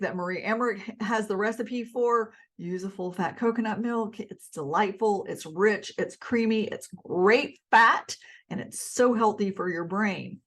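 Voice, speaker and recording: A middle-aged woman with a Southern accent, chatting to camera in an emphatic, repetitive way about food. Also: mid-range voice. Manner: chatty, emphatic, with restarts and repeats. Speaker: health vlogger. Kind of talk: casual talk to camera.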